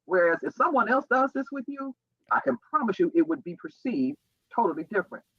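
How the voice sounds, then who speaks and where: Give me a man lecturing a crowd with warnings, his voice high and husky and his pitch full of swings. The sound is dry and low-fidelity. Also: lively intonation, a little fast, no echo, muffled recording. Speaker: speaker addressing an audience. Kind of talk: public speech.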